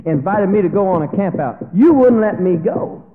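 A man voicing an excited young boy who talks in a bouncy, quick way. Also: high voice, voice pushed up. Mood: eager. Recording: tinny, phone-like echoey hall.

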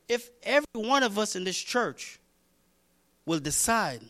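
A man preaching a sermon, reading scripture and repeating lines as he builds toward shouting. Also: sits high, big pitch swings, moderate pace. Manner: reads scripture aloud, talks to congregation by name. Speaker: pastor.

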